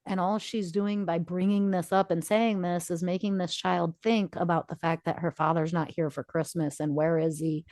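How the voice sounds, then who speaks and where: A woman's voice: lowish voice, fairly even intonation, moderate pace, hardly any pauses, darkish tone, dry recording, clean studio sound. A woman in her forties co-hosting a podcast, telling a personal story with feeling and acting out quoted dialogue. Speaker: podcast co-host. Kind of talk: casual podcast conversation.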